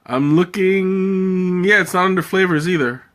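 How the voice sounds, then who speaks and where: A man hosts a casual live tea tasting and reads out viewer comments. His voice sits somewhat high for a man. He is chatty, laughs easily, and often restarts sentences as he thinks aloud. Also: a little slow, a bit bright.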